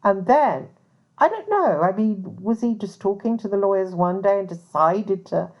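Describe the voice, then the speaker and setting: A woman's voice: medium pitch, animated, moderate pace, dull audio. A woman who works as a private investigator, talking casually to camera in a rambling way full of asides. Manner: rambling, many fillers and asides.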